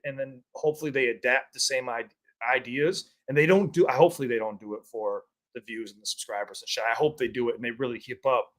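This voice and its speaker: Candid, foul-mouthed man chatting. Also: mid-range voice. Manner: candid, swears freely, animated storytelling. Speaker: content creator and co-host. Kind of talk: casual chat.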